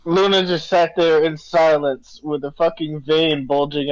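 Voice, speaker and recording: A man's voice: on the high side, flat delivery, measured pace, no echo. Casual man playing a tabletop game. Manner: casual, describing his actions. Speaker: player. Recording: dry, dull-sounding mic.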